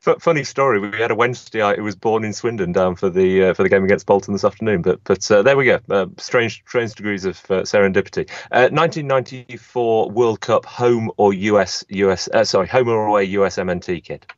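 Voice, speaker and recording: A low-voiced, quick-talking man from England leading a podcast interview with a chatty, self-deprecating manner. His audio is dry and slightly dull, as if over a call. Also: no room sound. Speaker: podcast host. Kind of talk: hosting an interview.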